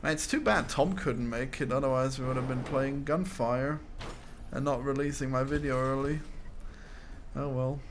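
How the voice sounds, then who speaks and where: Male streamer, mid pitch, casual and profane, laughs a lot, faint noise in the mix. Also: fairly even intonation, moderate pace. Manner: laid-back, swears, laughs often. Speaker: game developer streamer. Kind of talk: casual stream chat while gaming.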